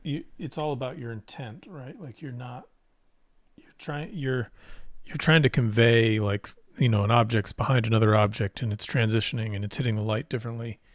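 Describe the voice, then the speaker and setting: A man's voice: mid-range voice, fairly even intonation, fairly quick, dry recording, studio quality. A man co-hosting a live painting stream, talking about art in an easygoing, joking way. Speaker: co-host and painter. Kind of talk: casual live-stream chat.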